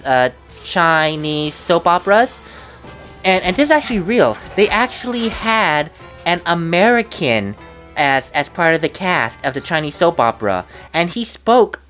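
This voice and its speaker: A woman's voice: on the low side, a bit bright. A woman giving casual commentary while playing a video game, chatty and rambling, often restarting her sentences. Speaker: let's play commentator. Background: faint game music.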